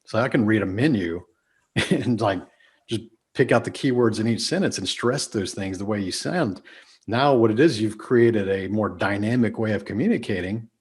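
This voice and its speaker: A man's voice: on the low side, normal speed, breathy edge. A man with a Texas accent, a podcast guest talking casually and emphatically, often shifting his speed and volume. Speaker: podcast guest, business speaker.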